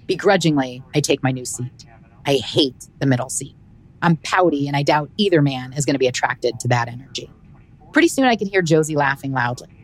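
A woman, a comedian hosting her podcast, narrating a travel story in a wry, expressive way. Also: very deep voice, fairly quick. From United States.

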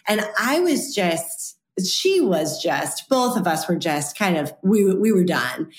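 A woman guest author telling a personal story in an animated, chatty way during an interview. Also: on the low side, slow, slight background noise. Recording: roomy echo.

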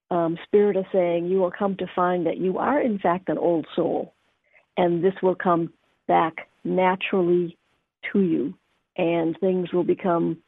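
Gravelly-voiced woman tarot reader on phone line. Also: on the low side, no echo. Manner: gentle, encouraging, storytelling with fillers. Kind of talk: radio call-in tarot reading. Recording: dry, tinny phone-like sound.

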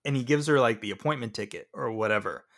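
A man's voice: medium pitch, fast talker, a bit bright. A man co-hosting a casual movie podcast, talking with rambling enthusiasm and many restarts. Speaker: podcast co-host. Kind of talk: casual movie review chat.

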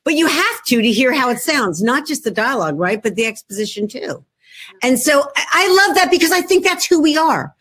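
A woman author with a Philadelphia accent, telling jokey, animated stories in a casual chat. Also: sits high, fairly quick. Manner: jokey, animated storyteller, talks to herself. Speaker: author guest.

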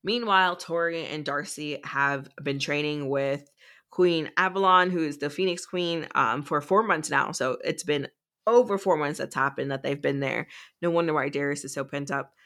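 A woman's voice: low-pitched, moderate pace, fairly bright tone. A woman co-hosting a podcast, casually recapping a book in a chatty way, with lots of fillers. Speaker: podcast co-host.

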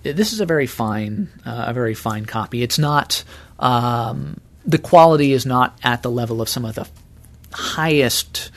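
A man speaking as a scholar guest, explaining in a measured way with many hesitations and fillers. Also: medium pitch, animated. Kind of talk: interview explanation.

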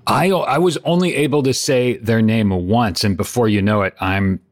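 Low-voiced man with deadpan humor. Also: moderate pace. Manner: dry, deadpan, going along with jokes. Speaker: podcast co-host. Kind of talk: comedic podcast banter.

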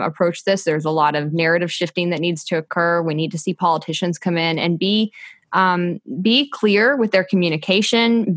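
A woman with a lowish voice lays out her view in an earnest, steady way. The sound is close and dry, with no room around it. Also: no room sound. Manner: earnest, measured, argumentative. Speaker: policy commentator. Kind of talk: opinion commentary in a podcast chat.

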